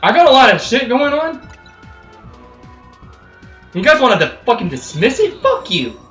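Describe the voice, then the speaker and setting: A man from California, a game streamer, delivering a heated, profane rant on his live stream that swings between loud outbursts and low muttering. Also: sing-song, unhurried. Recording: echoey room with faint music.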